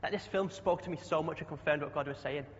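A man's voice: on the high side, fast. A young man preaching a chatty sermon, often asking the congregation questions. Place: church hall. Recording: dull sound with long hall echo.

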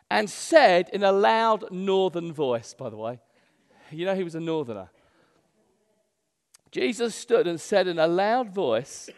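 Preacher, reverberant hall. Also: male voice, high-pitched, gravelly. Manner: animated, swings from loud emphasis to hushed. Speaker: pastor. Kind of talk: sermon. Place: church.

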